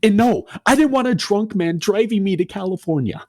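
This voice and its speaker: A man in his twenties on a podcast, telling a story in an animated, profane rant and acting out what people said. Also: high voice, brisk. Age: 20s. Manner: animated, profane ranting with acted-out quotes. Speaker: podcast co-host. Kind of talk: casual storytelling chat.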